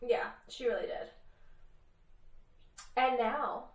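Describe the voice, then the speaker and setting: Young female co-host, lively storyteller, slightly high, roomy off-mic sound. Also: slow. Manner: animated, lots of fillers, acts out quotes. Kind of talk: casual news recap chat. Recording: roomy and a bit distant from mic.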